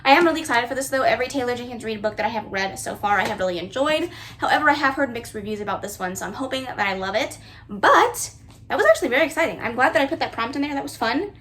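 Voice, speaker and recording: A woman's voice: fairly high pitch, expressive, fast, a bit bright, a little hiss or hum. A young woman chatting casually and giggling as she narrates her own vlog at home. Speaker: booktuber. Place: bedroom with bookshelves, indoors.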